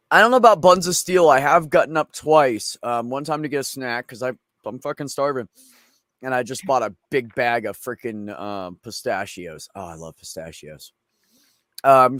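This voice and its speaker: A man rambles through a story as host of a casual chat, swearing freely as he goes. His voice sits in a middle pitch. The sound is dry and close, with no room. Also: lively intonation, moderate pace, fairly bright tone, dry recording. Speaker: streamer host.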